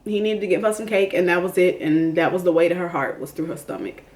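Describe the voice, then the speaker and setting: A woman's voice: fairly low pitch, quick pace, a little mellow, slight background noise. A woman hosting a casual comedic TV recap, sassy, calling people honey and baby and laughing often. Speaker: YouTube TV recap host.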